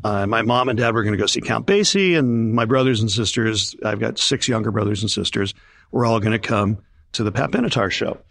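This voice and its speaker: A man's voice: lowish voice, brisk, gravelly, fairly bright tone, no room sound. An older man, a concert promoter, telling stories in an interview and acting out the voices of people he quotes. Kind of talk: storytelling in an interview.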